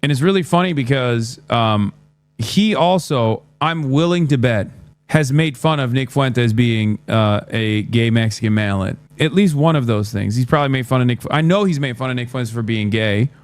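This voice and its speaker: A man's voice: mid-range voice, normal speed. A man doing livestream commentary, blunt and sarcastic, often swearing. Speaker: streamer.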